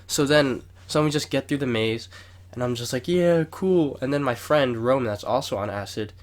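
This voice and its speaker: A man's voice: medium pitch, brisk. Rambling, swearing young man telling a story. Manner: rambling, swears a lot, lively retelling with raised acted-out quotes. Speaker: podcast co-host. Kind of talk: casual storytelling chat.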